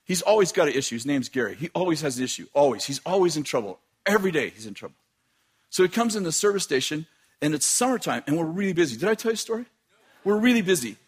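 Husky animated man telling a wild story. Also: fairly high pitch, fast. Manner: animated, laughing, shouting at climaxes. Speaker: preacher. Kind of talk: sermon storytelling.

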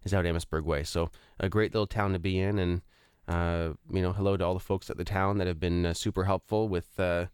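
A man's voice: low voice, flat delivery, a little fast, hardly any pauses, smooth, no echo, clean studio sound. A man, hosting a real estate talk show in a chatty way, with many fillers and restarts. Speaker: radio show host. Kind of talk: casual chat.

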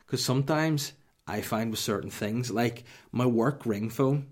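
A man's voice: mid-range voice, a little slow. A man, telling rambling, profane comic stories as a podcast host. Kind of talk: comic storytelling.

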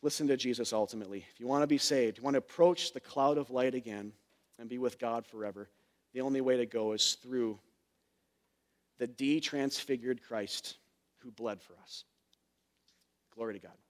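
A man preaching a sermon in a church, earnest and conversational, swinging from emphatic peaks to soft, quiet phrases. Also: medium pitch, normal speed, pauses often. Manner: speaks fillers and restarts, conversational preaching. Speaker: pastor.

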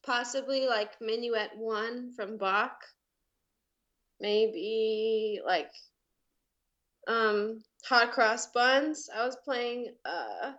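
A woman's voice: fairly high pitch, very slow, fairly bright tone, dull audio. A woman guest on a podcast, a violinist, chatting casually with laughs and fillers. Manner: bubbly, laughing, hesitant fillers. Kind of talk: casual chat.

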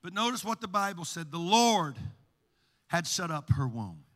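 A male pastor preaching a sermon with emphatic repetition, climbing from plain talk into shouted, sing-song cadences. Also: high voice, sing-song, moderate pace. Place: church sanctuary. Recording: long church reverb.

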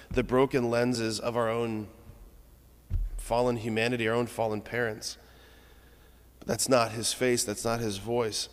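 Male preacher, casual reflective homily, middle pitch, long church reverb. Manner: conversational, reflective, with restarts.

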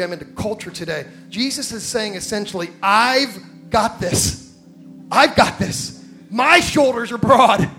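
A man's voice: sits high, fairly bright tone. A man preaching a conversational sermon, self-deprecating and often repeating words as he builds a point. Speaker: pastor.

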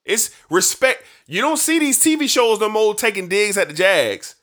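Brief: slightly high-voiced male sports show host, emphatic and folksy. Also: moderate pace. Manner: animated, emphatic, folksy slang. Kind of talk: casual sports talk.

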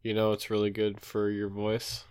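A man's voice: on the low side, completely flat delivery, moderate pace, a little mellow, clear, resonant tone. A man co-hosting a podcast, chatting casually in playful, rambling banter. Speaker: podcast co-host. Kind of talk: casual chat.

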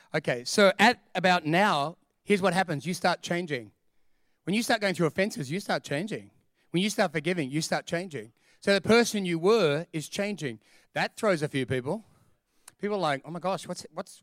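A man preaching a sermon as a pastor, animated and storytelling, acting out the voices of the people in his stories. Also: fairly high pitch, no room sound, clean studio sound.

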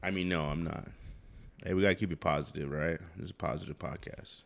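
A man in his thirties co-hosting a casual podcast, loud and teasing as he jokes with his nephew. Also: low voice, fairly even intonation, fast talker, gravelly. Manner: teasing, joking, talks loud. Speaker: podcast co-host. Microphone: headset mic.

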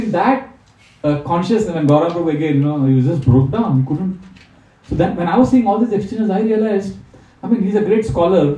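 A man tells an anecdote in a spiritual talk, now and then acting out the voices of the people in his story. His tone is dark and mellow, and his voice is pitched a little high. He sounds far from the mic in a roomy, echoing space. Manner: warm anecdotal storytelling, acts out the people he quotes. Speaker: monk giving a spiritual talk.

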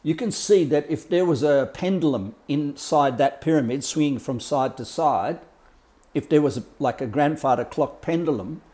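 In a casual explanatory talk, a man acting as a life coach speaks at normal speed in a slightly high, mellow voice. He explains ideas bluntly and colourfully, swearing and imitating sounds along the way.

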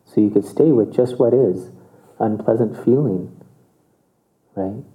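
A man's voice: on the low side, unhurried, mellow. A man giving a casual meditation talk, conversational and chuckling, often checking in with his listeners. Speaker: meditation teacher. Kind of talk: relaxed dharma talk. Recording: tinny phone-like audio.

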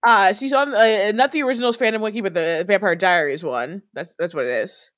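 A woman co-hosting a podcast in casual chat, animated and laughing, with quick asides. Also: mid-range voice. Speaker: podcast co-host.

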